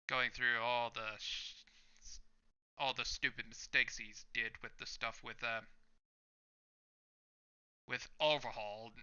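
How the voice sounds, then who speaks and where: A man hosts his own reaction video and reads a comic chapter aloud. He describes each panel slowly with easy fillers, in a bright, smooth voice. The recording is slightly muffled and lo-fi. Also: medium pitch. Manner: narrates panel by panel, relaxed, with fillers. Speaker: channel host. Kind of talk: reading a manga chapter aloud with commentary.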